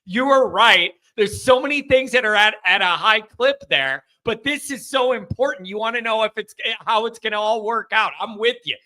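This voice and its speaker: A male host chatting about football, agreeable and self-deprecating. His voice is high and very bright, almost sharp. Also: moderate pace, few pauses. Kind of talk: casual sports talk.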